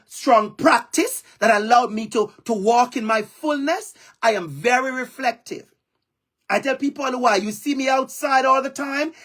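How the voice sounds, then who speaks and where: His very high voice a bit bright and husky, a Jamaican-accented keynote speaker addresses his audience over video call with fervor, using emphatic repetition to drive points home.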